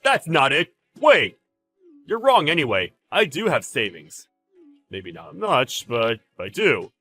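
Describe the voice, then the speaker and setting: An actor playing a brash, clueless ex-husband who gets defensive and whiny. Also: male voice, medium pitch, sing-song, takes it slowly, creaky, sharp tone, soft background music, exaggerated voice. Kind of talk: audio drama acting.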